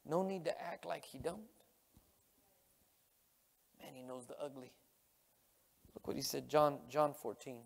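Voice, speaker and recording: A man preaching as pastor, impassioned and emotional, with a Texan accent, his voice dropping to a hush and then rising. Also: medium pitch, unhurried, vocal fry, long pauses. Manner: impassioned, swinging from hushed to loud. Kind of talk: emotional sermon. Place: large church sanctuary. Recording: long hall reverb.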